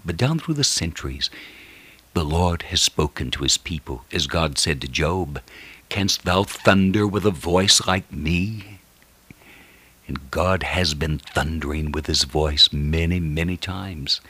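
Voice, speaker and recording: A man with a very low, husky voice preaches, retelling Bible stories with drama. His tone is bright and forceful even at that depth. He swings from hushed, near-whispered lines to emphatic ones, and the recording is close and completely dry. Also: no room sound. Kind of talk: sermon.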